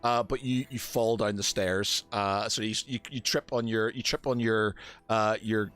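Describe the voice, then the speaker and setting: A man's voice: on the low side, fairly even intonation, normal speed, fairly bright tone, clean tone. A man running a tabletop game as game master, hesitant, with many fillers, restarts and laughs.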